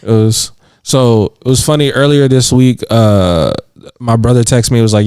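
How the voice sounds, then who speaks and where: A man's voice: medium pitch, moderate pace, darkish tone, smooth, dry recording, studio quality. A man co-hosting a podcast in casual chat, rambling with plenty of "like" fillers and frequent laughs. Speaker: podcast co-host. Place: indoors on a couch.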